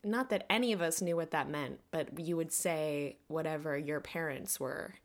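Low-voiced woman hosting a reflective monologue. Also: moderate pace. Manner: earnest, reflective, with soft laughs. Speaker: podcast host. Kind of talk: personal monologue.

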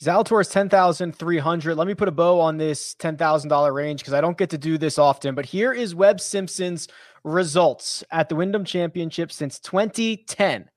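Animated high-voiced male podcast host. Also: moderate pace, no room sound, clean studio sound. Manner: animated, restarts and trips over himself. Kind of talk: casual sports podcast chat.

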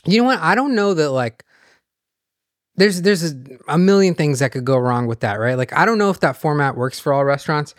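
A man's voice: on the high side, expressive, a little fast, dry recording, clean studio sound. A man guesting on a podcast as a restaurant owner, talking loosely and profanely, often joking about himself. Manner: loose, profane, self-deprecating. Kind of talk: casual chat.

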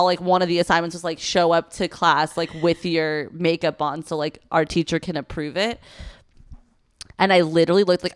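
Young female podcast co-host, low-pitched, rambling and profane storyteller, dry close-mic sound. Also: no room sound. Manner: rambling, profane, animated retelling with acted quotes. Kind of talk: casual storytelling chat.

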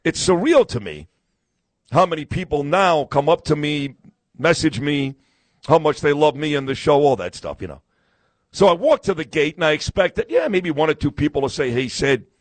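A man's voice: a little high, big pitch swings, normal speed, dry recording. A brash, boastful man, hosting a live talk radio show and telling stories in casual chat.

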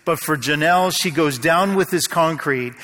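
A man preaching a sermon, telling a story and slowing to a hush at the tense moments. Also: a little high. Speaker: pastor. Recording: long hall reverb.

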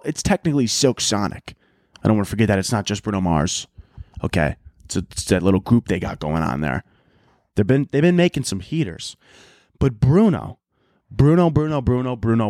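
A man's voice: medium pitch, a little mellow, no room sound. Profane, rambling man on a dry mic. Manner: profane, rambling comic rants. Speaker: podcast host. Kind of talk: casual solo podcast monologue. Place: at home.

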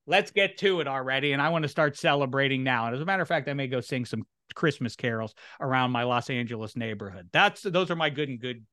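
A man hosting a casual sports talk podcast, ranting in a lively, mocking way. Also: mid-range voice, fast talker, few pauses, no echo, clean studio sound. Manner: animated ranting, mock complaints. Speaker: podcast host.

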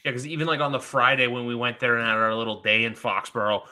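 A man hosting a casual sports podcast, talking excitedly and rambling with many fillers. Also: mid-range voice, quick pace. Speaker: podcast host. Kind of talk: casual chat.

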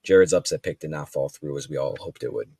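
A man hosting a casual sports podcast, relaxed and steering the talk between segments. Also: a bass voice, quick pace, slightly rough, no echo, clean studio sound. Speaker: podcast host.

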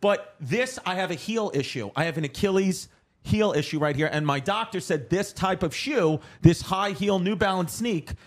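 A man in his thirties hosting a comedy podcast, telling stories in a giggly, profane, animated way. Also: high voice, normal speed. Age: 30s. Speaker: podcast host. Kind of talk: casual comedy podcast chat.

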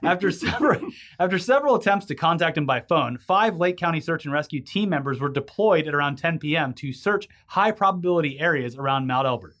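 A man's voice: on the high side, animated, fairly quick, fairly bright tone. A man co-hosting a casual news chat, rambling and laughing easily as he reads out stories. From California. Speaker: podcast co-host.

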